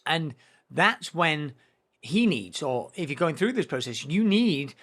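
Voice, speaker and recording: A man's voice: a little high, sing-song, unhurried, fairly bright tone. A man hosting a business podcast, explaining earnestly with frequent stumbles and restarts. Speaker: podcast host. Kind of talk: podcast conversation.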